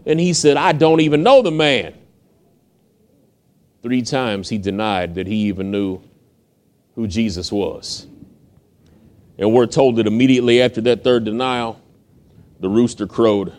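Folksy American preacher retelling a story. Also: male voice, medium pitch, a little mellow. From United States. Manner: folksy, conversational retelling with acted quotes. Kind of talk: storytelling sermon.

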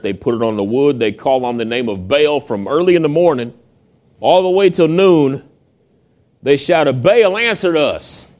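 A man preaching a sermon, retelling a Bible story in lively, conversational storytelling and acting out the characters' voices. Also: medium pitch. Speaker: pastor.

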